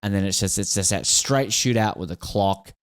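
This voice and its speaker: A man's voice: fairly low pitch, normal speed, no room sound, studio quality. A man hosting a casual sports podcast, rambling and jokey, laughing often. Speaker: podcast host.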